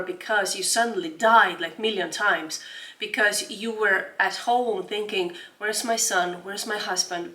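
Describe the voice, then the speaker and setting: A woman in her forties talks as a podcast guest, earnest and often restarting mid-phrase as she hunts for English words. She sits well back from the mic in a roomy, echoing space, her voice at an ordinary middle pitch. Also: sharp tone. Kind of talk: casual interview chat. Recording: roomy room, distant mic.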